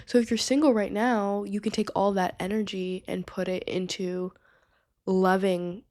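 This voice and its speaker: A woman's voice: medium pitch, flat delivery, moderate pace, a little mellow. A young woman hosting her own podcast, talking casually and chattily with lots of "like" and "you know what I mean". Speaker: podcast host. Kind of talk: casual solo podcast talk.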